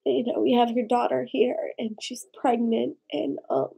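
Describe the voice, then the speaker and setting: A woman vlogger telling a personal story in a rambling, halting way, tipsy and tearful. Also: fairly high pitch, steady tone, gravelly, dark tone, breathy edge, poor audio. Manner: rambling, halting, with frequent fillers and swearing. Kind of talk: casual confessional storytelling.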